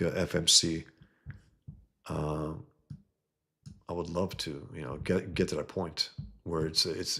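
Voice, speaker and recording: Deep gravelly man on a livestream. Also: bright, forceful tone. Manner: enthusiastic, repeats words. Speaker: comic creator hosting a livestream. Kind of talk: casual livestream chat.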